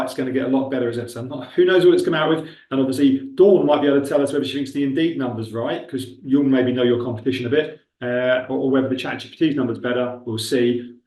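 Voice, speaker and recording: Male trainer, middle pitch, loose thinking-aloud delivery, recorded far off in a reverberant room. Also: darkish tone. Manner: casual, thinking aloud with many fillers. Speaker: webinar presenter. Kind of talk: live software demo talk. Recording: roomy, distant mic.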